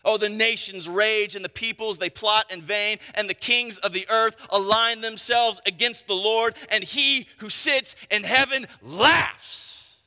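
A man delivers an emphatic sermon in a high, bright voice and keeps checking in with "right?" His words carry a long reverb, as if he is speaking in a large church hall. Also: fairly even intonation, unhurried. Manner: emphatic preaching with frequent "right?" asides. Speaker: pastor.

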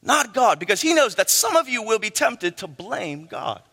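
A middle-aged man preaching a sermon, animated, with frequent "right?" asides to the congregation. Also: sits high, normal speed. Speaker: pastor. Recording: long hall reverb.

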